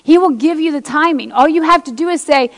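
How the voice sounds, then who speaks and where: Her high-pitched voice moves a little fast, with a long reverb tail behind it. She's a woman preacher giving a passionate sermon in church, reading scripture and speaking straight to the people in the pews.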